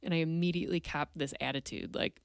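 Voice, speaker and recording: Low-voiced woman telling an earnest story. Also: steady tone, fast talker, gravelly, clean tone, dry recording, clean studio sound. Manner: earnest, candid, with frequent restarts. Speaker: podcast guest. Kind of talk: personal storytelling in conversation.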